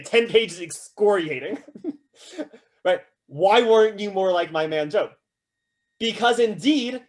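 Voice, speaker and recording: A man giving a casual, animated philosophy lecture to a class, often checking in with "right?" and acting out quotes with humor. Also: high-pitched. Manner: acts out quoted voices with humor.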